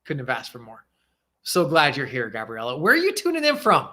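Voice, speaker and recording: Bright-voiced man coaching on a livestream. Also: medium pitch, huge pitch swings, brisk. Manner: earnest, emphatic, repeats phrases for effect. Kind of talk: livestream talk and guided breathing.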